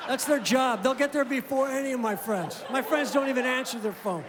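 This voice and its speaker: A man doing a stand-up comedy set on stage, with dry, deadpan delivery and acted-out dialogue. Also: very high voice, brisk, few pauses, very noisy. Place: comedy venue stage before a live audience. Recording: roomy hall reverb, audible crowd laughter. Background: audience laughing.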